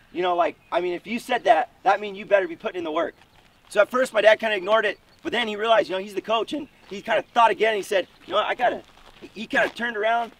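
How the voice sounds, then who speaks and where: Fast, high-voiced coach storyteller. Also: male voice, gravelly. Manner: energetic, repeats words for punch. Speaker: wrestling coach speaking at a camp. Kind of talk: motivational storytelling talk. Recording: distant mic with faint background noise.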